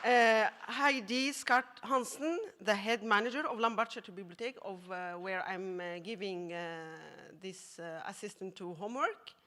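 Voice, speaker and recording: A woman from Egypt, a math teacher giving an emotional acceptance speech, laughing often and pausing with fillers. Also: medium pitch, a bit bright, some chatter behind.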